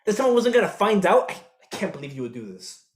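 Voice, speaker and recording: A man's voice: high voice, sing-song, quick pace. A young actor playing an eighteen-year-old son who confronts his cheating father, swearing and slipping into Spanish words on a theatre stage. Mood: furious. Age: young adult. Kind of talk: live student stage drama.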